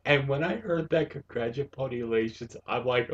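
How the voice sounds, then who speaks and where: Slow-talking, excitable man reviewing a cartoon. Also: medium pitch, muffled recording, slight background noise. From Wisconsin. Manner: excitable, gushing, breaks into laughter. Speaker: show host reviewing a cartoon episode. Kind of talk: casual review chat.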